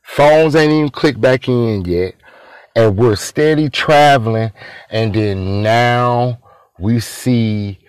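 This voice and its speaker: A man's voice: mid-range voice, takes it slowly, smooth, no room sound. A man telling a story casually, rambling and repeating himself, talking to his listeners as y'all.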